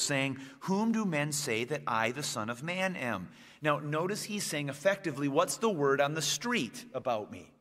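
A man delivering a sermon, pausing on slowed, stressed phrases and climbing into emphatic bursts. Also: fairly high pitch, sharp tone. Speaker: preacher. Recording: long reverb of a church hall.

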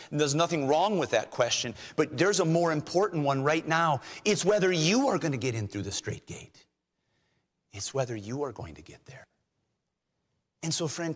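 Male pastor, sermon delivery, mid pitch, dips into near-whispers for emphasis, long hall reverb. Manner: shifts from loud emphasis to hushed near-whispers.

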